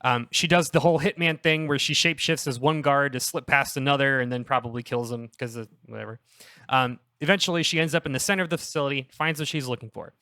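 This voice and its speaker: A young man on a casual comedy podcast, pitching a story in a rambling, self-interrupting way and laughing at his own jokes. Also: quick pace, bright, forceful tone, no room sound, studio quality.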